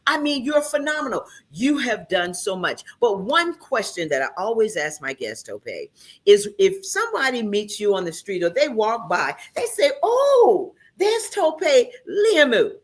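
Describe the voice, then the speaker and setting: An animated talk show hostess who speaks with a lively, swinging pitch. She is effusive and emotional and keeps tripping over her words as she introduces and questions her guest. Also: normal speed. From Charleston, South Carolina.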